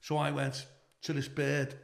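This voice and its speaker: A man's voice: medium pitch, monotone, measured pace, gravelly, reverberant. An older man with a Liverpool accent, a comedian telling brash, profane stories in a casual interview. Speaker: comedian, guest.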